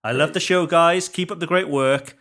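A man's voice: a little high, normal speed, a bit bright. A man co-hosting a podcast, reading listener messages aloud in a dry, wry, insistent way. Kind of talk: casual podcast banter.

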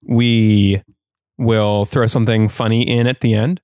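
A man hosting a podcast in casual chat. He laughs often and talks quickly. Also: lowish voice, flat delivery, a little mellow, dry recording, studio quality. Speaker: podcast host.

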